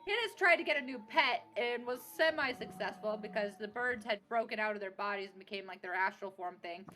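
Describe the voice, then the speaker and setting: A woman's voice: medium pitch, brisk, sharp tone, soft background music. A young woman recapping a tabletop game session, bubbly and laughing as she acts out bits of dialogue. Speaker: player recapping a tabletop campaign. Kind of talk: casual recap chat.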